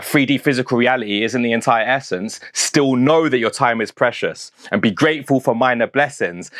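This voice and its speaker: A man with a southern English accent talks through the meaning of his rap lines in a loose, chatty way, slipping in slang and laughing at his own jokes. His voice sits at an ordinary middle pitch and is recorded close and dry, with no room sound around it. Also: fairly bright tone, no room sound. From St Albans, England. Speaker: rapper breaking down his lyrics. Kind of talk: casual explanation.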